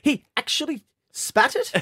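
A man's voice: measured pace, sharp tone. A man putting on the voice of an amazed English friend, with a put-on English accent. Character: baffled young English bloke, wide-eyed.

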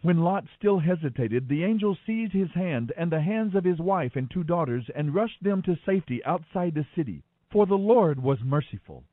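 A man giving an expressive, dramatic scripture reading. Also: on the high side, moderate pace, hardly any pauses, dry recording. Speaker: Bible reader. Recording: tinny phone-like dry sound.

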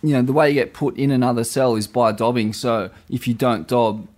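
A man at a middling pitch keeps a casual chat going. He mostly chimes in with short, agreeing remarks and brief follow-up thoughts. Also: steady tone, fairly quick, a little mellow, a little hiss or hum.

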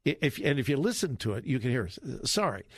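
A man's voice: fast talker, breathy edge, no room sound, clean studio sound. A middle-aged man hosting a talk radio show, giving emphatic, repetitive commentary. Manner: emphatic, repetitive, lively pitch swings.

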